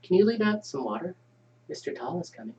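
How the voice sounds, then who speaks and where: A man's voice: sits high, sing-song, fairly quick, a little mellow, recorded from a distance, muffled recording, a little hiss or hum, pitched above the performer's own voice. A man voicing a little girl at bedtime who is afraid of an imaginary visitor. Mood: fearful. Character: little girl asking her mother for water.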